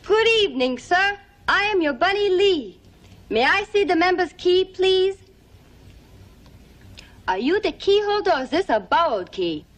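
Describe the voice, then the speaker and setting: A high, slow, anxious trainee. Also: female voice, sing-song, distant mic, full character voice. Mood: rehearsed. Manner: hesitant, polite, rehearsed. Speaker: nervous trainee waitress.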